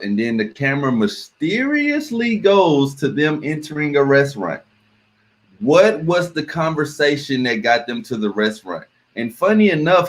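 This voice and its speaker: A man hosting a reaction video, talking casually and emphatically to his viewers and repeating words for stress. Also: mid-range voice. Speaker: reaction channel host.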